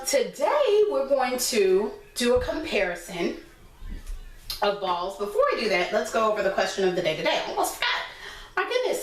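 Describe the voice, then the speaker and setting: Slow sing-song preschool teacher woman. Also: on the high side. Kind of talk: online class lesson for young children. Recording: echoey room, voice from a distance.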